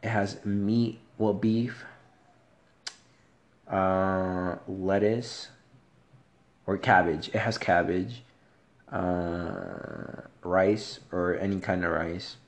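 A man talks slowly and unhurriedly on his own podcast. His voice sits low, and it is soft. He rambles in a laid-back way, swearing freely. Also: lively intonation, creaky. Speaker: podcast host. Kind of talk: casual solo podcast chat.

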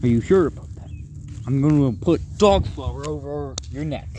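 A man's voice: on the high side, moderate pace, warm tone, slight background noise. A man co-hosting a casual chat, easygoing and rambling, who often chuckles and stops to restart his plans. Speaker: co-host.

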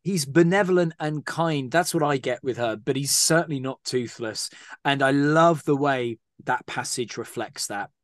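A man's voice: mid-range voice, normal speed, no room sound. Chatty man, dry close sound. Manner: enthusiastic, laughs often, loose filler-heavy phrasing. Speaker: podcast co-host discussing a novel. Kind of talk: casual book discussion.

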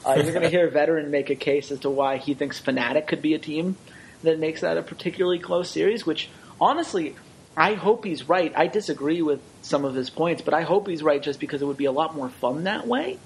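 Gravelly higher-voiced guy joking around on a gaming podcast, faint noise. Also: poor audio. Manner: quick, wry and joking. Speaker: esports podcast co-host. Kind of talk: casual podcast chat.

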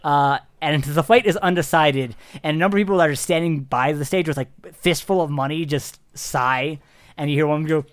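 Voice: mid-range voice, fairly quick. Giggly, rambling game master. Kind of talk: narrating a tabletop game.

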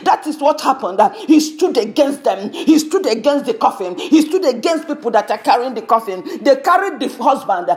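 Woman preacher, high voice, very lively pitch, fervent, repetitive. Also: moderate pace, few pauses. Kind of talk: sermon.

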